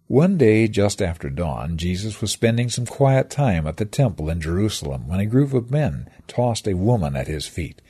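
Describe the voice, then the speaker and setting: A man's voice: sits low, very animated, moderate pace, hardly any pauses, dark tone, slightly rough. A man reading a scripted devotional that retells scripture stories with reflective, dramatic storytelling. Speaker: devotional speaker.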